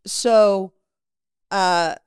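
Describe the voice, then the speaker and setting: A woman's voice: medium pitch, steady tone, drawn-out words, a little mellow, clear, resonant tone, no room sound, clean studio sound. A middle-aged woman, a podcast guest, candidly telling a personal story in a frank, profane way and acting out the lines of the people in it.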